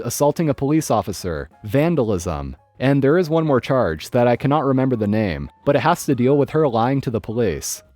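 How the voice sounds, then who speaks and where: Man narrating a story, middle pitch, animated delivery, dry close mic. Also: dry recording. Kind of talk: scripted narration of online stories.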